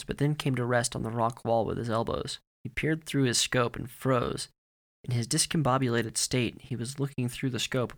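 A man reading a story aloud in a steady, grave narrating manner. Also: medium pitch.

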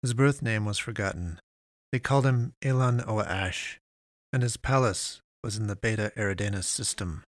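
A man narrating a science fiction story in a measured, deliberate way with long pauses. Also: lowish voice, no echo, clean studio sound.

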